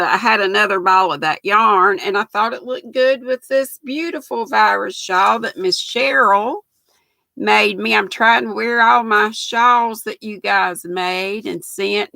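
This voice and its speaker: A woman's voice: mid-range voice, vocal fry, sharp tone, no echo. An older woman, hosting a casual livestream and greeting her viewers by name in a folksy way. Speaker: livestream host.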